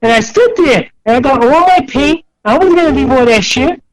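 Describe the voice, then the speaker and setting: With a very high voice and a slightly fast pace, an older New Yorker guesting in a casual interview tells rambling stories. He's an animated storyteller who acts out other voices in quotes. The audio is poor.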